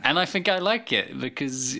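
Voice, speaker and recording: A man co-hosting a podcast, playful and quick to laugh. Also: mid-range voice, lively intonation, vocal fry, a crowd in the background. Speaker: podcast co-host. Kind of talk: casual chat.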